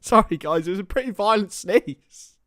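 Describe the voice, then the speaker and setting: A young man talks through a football match on a live stream, mixing play-by-play with easy chat to viewers. His voice sits a little high and laughs break in often. The sound is dry and close. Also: lively intonation, moderate pace, bright, forceful tone, dry recording. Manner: chatty, laughs often, greets viewers by name. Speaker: live stream host and commentator.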